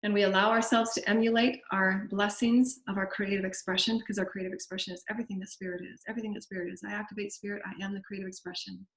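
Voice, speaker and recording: A woman's voice: medium pitch, flat delivery, fast talker, few pauses. A woman with a Southern US accent hosting a spiritual show, leading guided affirmations and prayer in a repetitive, incantatory way.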